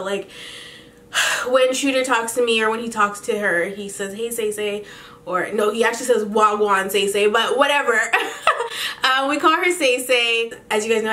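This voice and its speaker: A woman's voice: on the high side, fairly bright tone. A young woman chatting candidly to her camera as a vlogger, talkative and swearing casually. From Canada. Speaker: beauty vlogger.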